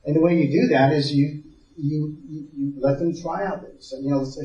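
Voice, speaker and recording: Mellow-voiced man teaching in a roomy hall. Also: on the high side, steady tone, moderate pace. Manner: storytelling, repeats words while thinking, asks the audience. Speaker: parenting seminar speaker. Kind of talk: conversational teaching talk. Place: seminar room with a live audience. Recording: dull, roomy sound from far off.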